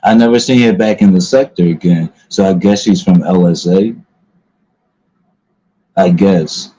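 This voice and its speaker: A man with a low, mellow voice talks to his viewers in a loose, halting monologue, stopping often to restart a thought. The sound is dull and lo-fi. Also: husky. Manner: halting, full of ums and restarts. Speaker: commentary channel host.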